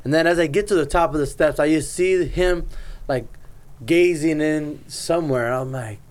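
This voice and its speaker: Guy with a kinda high voice telling a crazy story on a podcast, swears constantly. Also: moderate pace. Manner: profane storytelling, animated. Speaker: podcast co-host. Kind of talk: casual chat.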